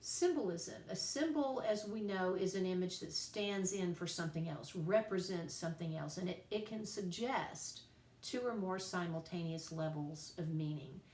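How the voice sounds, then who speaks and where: A woman writing teacher giving a recorded class lecture, chatty and playful, slowing down to spell out examples. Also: lowish voice, a little mellow, reverberant, far from the mic.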